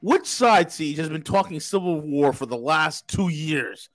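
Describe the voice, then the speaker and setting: A man's voice: a little high, expressive, unhurried, no echo. A man hosting a casual political talk show, talking in a boisterous, profane, rambling way. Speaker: podcast host.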